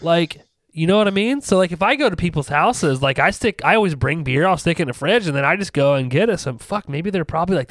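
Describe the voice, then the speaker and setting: A man's voice: a little high, animated, quick pace, a bit bright, dry recording. A man in his thirties chatting casually as a podcast co-host, rambling and self-deprecating with many restarts. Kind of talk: casual chat.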